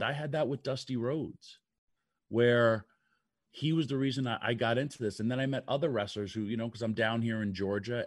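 A man's voice: mid-range voice, no echo, studio quality. Rambling older man on talk radio. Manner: rambling storyteller, lots of fillers. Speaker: wrestling radio co-host.

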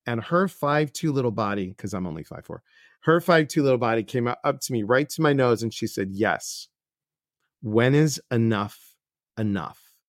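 A man's voice: medium pitch, a little fast, no room sound, clean studio sound. A middle-aged man hosting a podcast interview, telling stories earnestly and acting out what others said. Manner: earnest, animated storyteller who acts out others' lines. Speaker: podcast host and life coach. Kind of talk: casual interview chat.

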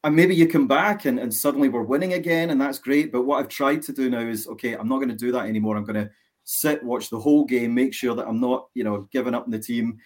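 A man's voice: medium pitch, quick pace. Hesitant Scottish man as a guest. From Scotland. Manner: hesitant, repeats words while thinking. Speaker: podcast guest. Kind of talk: casual chat.

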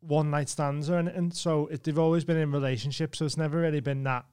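Chatty man with a smooth, higher voice. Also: fairly even intonation, fast, darkish tone. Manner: laughs easily, chatty. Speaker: podcast host. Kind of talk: casual chat.

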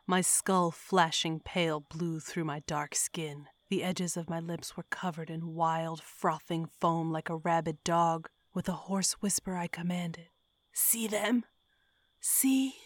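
A woman reading a horror story aloud in a hushed, whispery telling. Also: fairly low pitch, level tone, measured pace, no room sound. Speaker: narrator.

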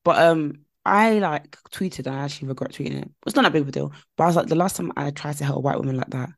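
Woman co-hosting a chatty podcast, lowish voice, tells stories with lots of emphatic repeating, dry close sound. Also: fast talker, vocal fry, no echo. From Nigeria. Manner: animated storytelling, emphatic repetition. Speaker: podcast co-host. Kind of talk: casual chat.

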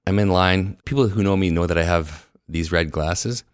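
Very deep-voiced Canadian man telling stories. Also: moderate pace, dry recording, studio quality. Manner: rambling, laughs at his own stories. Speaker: orthodontist guest. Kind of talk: casual storytelling. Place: podcast recording.

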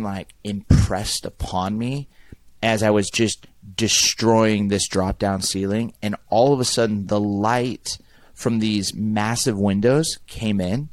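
A middle-aged pastor speaks earnestly and reflectively in a podcast conversation, often repeating words as he thinks. His voice is fairly low, and the recording is dry.

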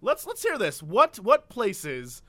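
A man's voice: sits high, wildly swooping pitch, takes it slowly, a bit bright. A man co-hosting a comedy podcast, bantering in a playful, teasing, sarcastic way. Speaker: co-host.

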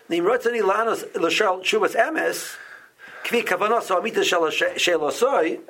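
A man leading an informal Torah class, often restarting phrases and growing lively as he explains. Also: high voice, breathy edge.

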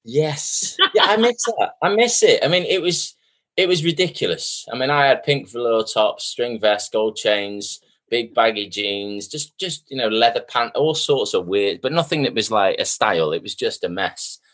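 A man's voice: mid-range voice, moderate pace. A man, an actor guest telling self-mocking stories in a casual interview. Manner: chatty, self-mocking storyteller, lively quoting.

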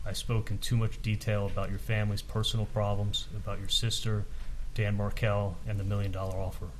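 Low-voiced man testifying with halting restarts. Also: little pitch movement, slight background noise. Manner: halting, recounts dialogue with many restarts. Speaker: defendant testifying in court. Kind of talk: courtroom testimony. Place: courtroom.

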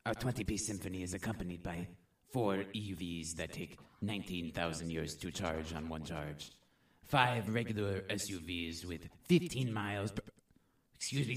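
A man voicing a pompous male announcer with a mock French accent, presenting an orchestra in a grand, hushed way. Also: lowish voice, reverberant, far from the mic, close to an everyday voice.

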